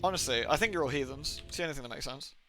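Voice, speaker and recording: A man streams a game and chats in a jokey, rambling way, toying with slang. His voice is high and bright, and his pitch swings widely. Game music plays faintly behind him. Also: rapid-fire. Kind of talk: casual live-stream commentary.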